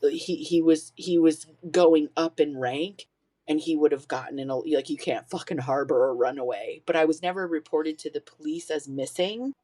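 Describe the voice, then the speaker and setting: Her voice deep and mellow, a forties-aged podcast guest recounts her own experiences openly at a moderate pace. Painful memories come out with free swearing and laughter.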